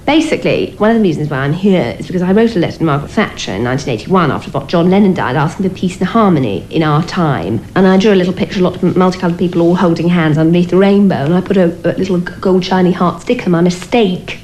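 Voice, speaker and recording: An actress playing a dotty asylum patient who confides in a rambling, hesitant monologue. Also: female voice, lowish voice, animated, fast, few pauses, darkish tone, slight background noise, close to an everyday voice, poor audio.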